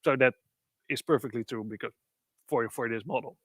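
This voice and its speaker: A man at an everyday middle pitch walks an audience through a software demo step by step. His phrasing is loose and explanatory, peppered with fillers. The sound is dry and close, with no room echo. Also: moderate pace. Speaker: presenter. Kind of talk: live software demo walkthrough.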